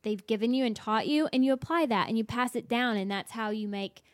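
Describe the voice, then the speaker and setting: High-voiced young woman on a dry mic. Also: brisk, no room sound. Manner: laughs often, upbeat. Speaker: podcast co-host. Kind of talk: casual chat.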